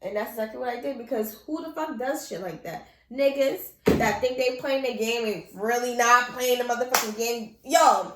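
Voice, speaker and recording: A young woman telling a personal story in casual vlog style, animated, blunt and full of slang and swearing. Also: a little high, moderate pace, hardly any pauses, roomy sound, slight background noise.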